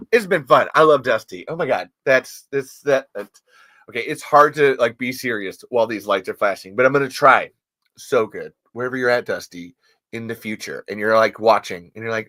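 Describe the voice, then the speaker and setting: A man's voice: mid-range voice, normal speed, a bit bright. A young man hosting a casual podcast chat, playful and goofy, swearing freely and breaking into silly bits. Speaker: podcast host.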